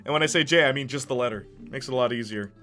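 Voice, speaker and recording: A man's voice: mid-range voice, very fast, sharp tone, soft background music. A man streaming live, chatting casually and reading his chat aloud with sarcastic, joking banter.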